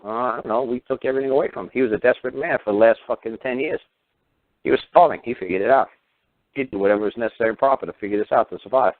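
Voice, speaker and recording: A man's voice: medium pitch, very fast, no room sound. A man delivering a heated radio rant, firing off combative rhetorical questions and swearing. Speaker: radio show talker. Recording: tinny phone-line radio audio.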